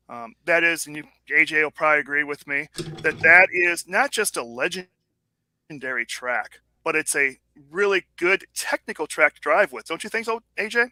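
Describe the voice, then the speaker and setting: Series co-owner guest, man, very bright tense voice, dry. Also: fairly high pitch, dry recording. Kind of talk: casual interview.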